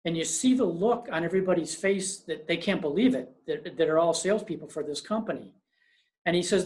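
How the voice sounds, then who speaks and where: Brief: business webinar presenter, storyteller who turns the story into emphatic advice, mid-pitched, speaking over a video call. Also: brisk, darkish tone.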